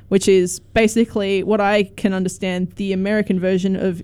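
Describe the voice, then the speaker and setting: A young woman hosting a casual community radio music show, chatty and quick to laugh. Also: medium pitch, level tone, darkish tone, clean tone. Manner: chatty, laughs often, asks questions. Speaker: radio host.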